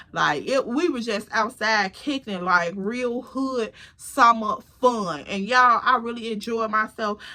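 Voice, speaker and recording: A young woman telling a story in an animated, slangy, chatty way to her viewers. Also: medium pitch. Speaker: storytime vlogger. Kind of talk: casual storytelling.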